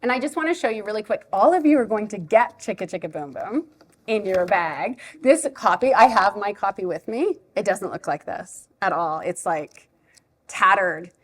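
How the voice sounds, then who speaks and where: A woman who teaches preschool, giving a chatty, animated live talk to a parent audience at a library event. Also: mid-range voice, moderate pace. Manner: chatty, animated, self-deprecating.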